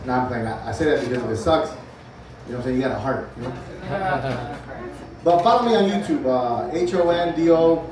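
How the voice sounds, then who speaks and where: Heard from far off in an echoey club, a man in his forties does loose, profane stand-up and talks with the crowd between bits while the audience laughs. His medium-pitched voice has lively intonation, moving a little fast with frequent pauses.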